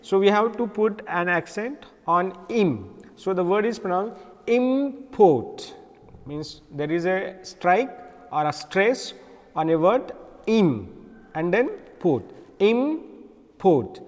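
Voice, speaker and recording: In a classroom lecture, an English teacher with an Indian accent speaks in a fairly high voice, patiently going over his points. He repeats key words and often pauses with fillers, and his voice echoes with long reverb.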